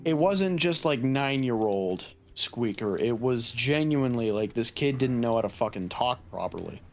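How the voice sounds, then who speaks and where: Profane, animated young man storyteller. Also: mid-range voice, normal speed, soft background music. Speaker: podcast co-host. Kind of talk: casual gaming podcast chat.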